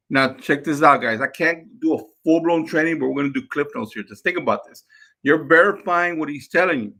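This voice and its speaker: A real estate investing coach talks casually with his team, energetically repeating words and acting out phone calls with sellers. His voice is gravelly and fairly high-pitched, at a normal speed.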